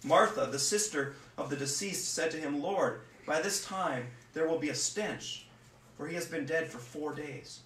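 A man who is a pastor, reading scripture and preaching at home in an earnest, halting way that repeats words. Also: on the high side, fairly bright tone, distant mic. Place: home room. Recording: roomy echo, voice from off-mic, faint room noise.

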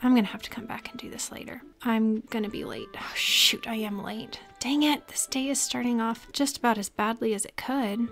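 A woman's voice: fairly high pitch, moderate pace, few pauses, fairly bright tone. A young woman narrating her gameplay with sarcastic asides, often dropping to a whisper. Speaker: gaming streamer. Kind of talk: casual let's play commentary. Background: faint game music.

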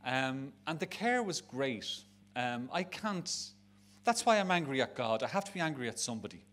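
A man's voice: medium pitch, big pitch swings, moderate pace, fairly bright tone. Frank middle-aged Dublin man. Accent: Dublin Irish. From Ireland. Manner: frank and emotional, rambling with restarts. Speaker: speaker at a charity event. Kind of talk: personal talk to an audience. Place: live event on stage.

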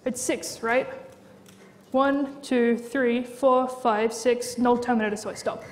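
A woman's voice: on the high side, fairly even intonation, slow. A woman lecturer teaching a class in a casual, chatty way with frequent fillers. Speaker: university lecturer. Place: lecture hall. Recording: lecture hall reverb.

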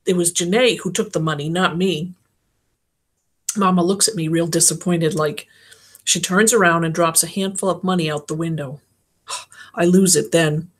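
A woman's voice: on the low side, husky. A woman reading a novel aloud as an audiobook, narrating in the first person. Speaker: audiobook reader.

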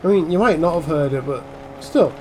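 A young man giving casual, jokey commentary while playing a game, swinging between muttering and yelling. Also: a little high, a little fast, a little hiss or hum. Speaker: gaming channel host.

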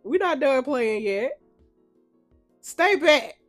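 A woman's voice: high-pitched, lively intonation, slow pace, no echo, faint music behind. Woman reading as a sneering creepy stalker guy. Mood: menacing. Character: menacing young man, obsessive stalker.

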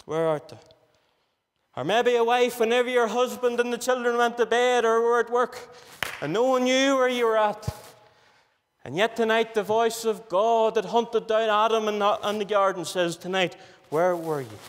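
A man's voice: extremely high pitch, fairly even intonation, moderate pace. A man preaching a gospel sermon, pleading earnestly and repeating his questions insistently. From Northern Ireland. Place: church hall. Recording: reverberant church hall.

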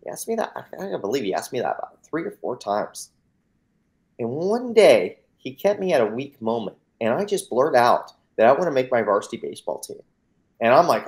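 Very animated and a little fast, this mid-range voice with a darkish tone belongs to an American mindset coach. As an interview guest he earnestly, emphatically recounts his personal story, performing the dialogue and often repeating words as he starts.

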